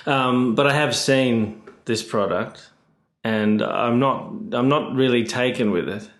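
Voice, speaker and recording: A man's voice: mid-range voice, takes it slowly. A man with an Australian accent, a guest correspondent joking cheekily through a casual chat.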